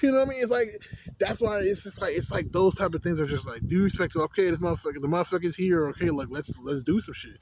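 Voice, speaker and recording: A man's voice: high-pitched, expressive, quick pace. A young adult man venting in a casual vlog, profane and full of street slang. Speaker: vlogger. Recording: loud background noise.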